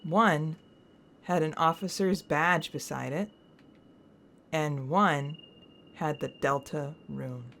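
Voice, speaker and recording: A woman's voice: low-pitched, slow, long pauses, a bit bright, slight background noise. A young woman playing through a video game on her channel, exasperated at herself and rambling through theories. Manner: exasperated, self-scolding outbursts and rambling theorizing. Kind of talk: let's play commentary.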